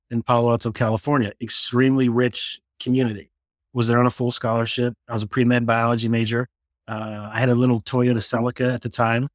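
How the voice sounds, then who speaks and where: A middle-aged man from Florida, a guest on an interview, telling personal stories in a casual, animated way and acting out the dialogue. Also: medium pitch, fairly quick, no room sound, clean studio sound. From Florida, USA. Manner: animated storyteller who acts out quoted dialogue, frequent restarts.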